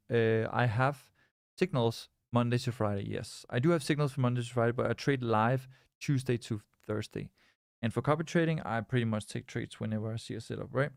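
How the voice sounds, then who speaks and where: Young man, loose rambling stream talk, gravelly edge, dry close sound. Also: mid-range voice, darkish tone, no room sound. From Scandinavia. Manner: rambling, repeats words and restarts, reads chat aloud. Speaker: live-stream trader. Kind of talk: casual live-stream chat.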